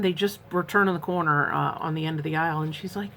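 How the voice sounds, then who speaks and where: A woman's voice: sits low, fairly quick, few pauses, slight background noise. A woman in her fifties talking candidly in a personal vlog, earnest and rambling, with many fillers and restarts. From United States. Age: 50s. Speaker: vlogger.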